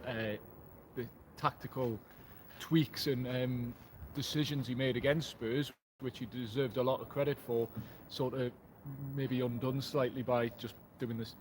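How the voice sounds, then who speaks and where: A measured, downbeat man talking through a football match. His voice is mid-pitched, with a faint outdoor stadium hum behind him. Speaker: football fan pundit. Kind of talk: casual match analysis.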